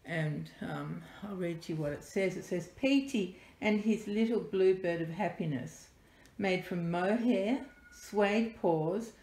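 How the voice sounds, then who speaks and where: A woman unboxing a parcel on camera as a doll collector vlogger, gushing and softly delighted, often dropping to breathy whispers. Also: lowish voice, takes it slowly. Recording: echoey room with faint noise.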